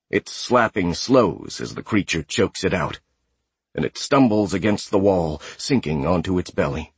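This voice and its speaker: A man narrating a sci-fi audiobook in a steady, measured way. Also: deep voice, husky, no room sound. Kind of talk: scripted narration.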